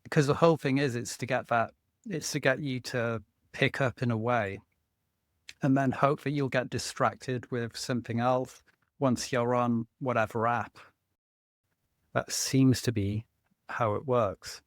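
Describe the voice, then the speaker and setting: A man co-hosting a laid-back podcast, thoughtful and working through his ideas out loud. He often reaches for fillers as he talks. His voice sits at a middle pitch, and the recording is close and dry. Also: steady tone, a little slow, dry recording. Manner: reflective, thinks aloud with fillers. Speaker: podcast co-host. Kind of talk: casual conversation.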